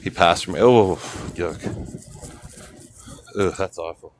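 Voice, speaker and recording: A man's voice: deep voice, slow pace, background noise. An older man from California hosting a casual livestream while walking city streets, rambling and chatting with viewers. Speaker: livestream host.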